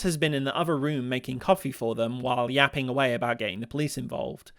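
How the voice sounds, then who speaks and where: A man hosting a scripted video essay, talking in a playful, expressive way and laughing at his own jokes. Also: medium pitch, quick pace, gravelly, hardly any pauses, no echo, clean studio sound.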